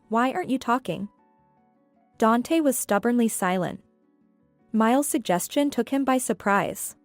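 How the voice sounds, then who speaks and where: A woman reading scripted story narration in an even, steady way. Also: on the high side, no room sound. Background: faint background music.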